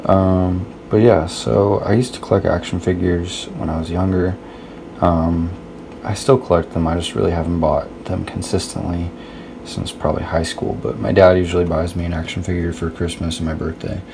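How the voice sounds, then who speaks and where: A man hosting a casual toy review in a hushed early-morning voice, keeping quiet because someone is asleep nearby. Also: low-pitched, level tone, moderate pace, creaky. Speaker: host. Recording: noisy home recording.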